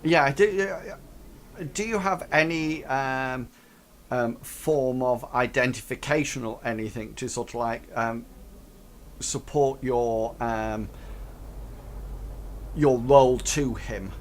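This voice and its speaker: A man running a tabletop game as game master, talking haltingly with many ums and restarts. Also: medium pitch, slight background noise.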